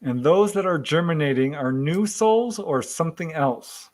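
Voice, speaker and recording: Calm man asking gentle questions. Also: fairly high pitch, moderate pace. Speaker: hypnotherapist. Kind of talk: replaying a hypnosis session recording.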